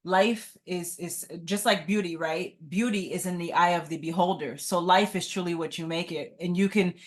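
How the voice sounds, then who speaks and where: A woman with a lowish voice speaks at a moderate pace as an entrepreneur guest on a podcast. The interview is casual, and she's earnest, regularly ending points with "right?"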